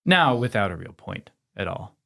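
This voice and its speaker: A man's voice: on the low side, sing-song, normal speed, creaky, a bit bright. A man co-hosting a movie podcast, chatty and eager, telling stories in a casual chat. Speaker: podcast co-host.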